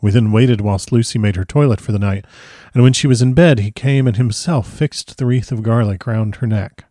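A man narrating a classic novel in the first person with measured, formal diction. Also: mid-range voice, dark tone, no echo, studio quality. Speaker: audiobook narrator.

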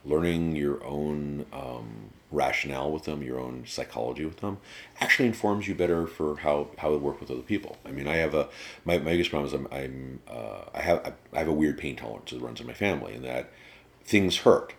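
A man's voice: a bass voice, brisk. A man in a casual interview, telling rambling, profane stories with plenty of restarts. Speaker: interview guest. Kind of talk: casual conversation.

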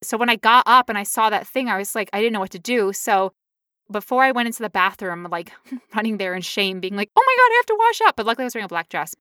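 A young woman telling a long story in casual chat, animated and acting out quotes in high voices. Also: fast talker, smooth, no echo, clean studio sound.

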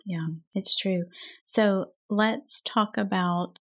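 A woman's voice: mid-range voice, steady tone, takes it slowly. A woman in her thirties, a mother co-hosting a casual faith and parenting talk, speaking earnestly. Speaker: podcast co-host. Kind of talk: casual chat.

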